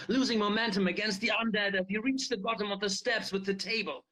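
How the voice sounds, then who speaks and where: Brief: male reader, fairly high voice, lively storybook reading. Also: a little fast, hardly any pauses. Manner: expressive read-aloud with shouted dialogue. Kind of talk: reading a novel aloud.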